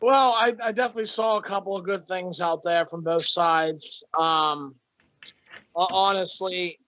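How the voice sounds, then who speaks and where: A man gives casual, upbeat play-by-play commentary for an online hockey league, stumbling over repeated words. His high, fairly bright voice keeps a fairly even intonation at a measured pace. The stream audio is dull and lo-fi, with slight background noise.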